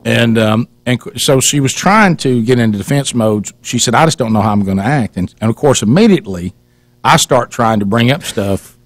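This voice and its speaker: A man spins a rambling, teasing story as a radio host, stopping and restarting his sentences as he goes. His voice is mid-pitched and sits close to a studio microphone in a dry, dead room. The delivery is loose and conversational. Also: fairly quick, no echo. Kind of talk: casual storytelling chat.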